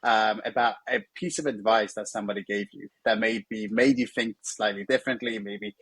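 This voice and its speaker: Husky interview host, rambling questions. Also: male voice, on the low side, steady tone, normal speed, a bit bright, no echo. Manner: rambling questions with many fillers.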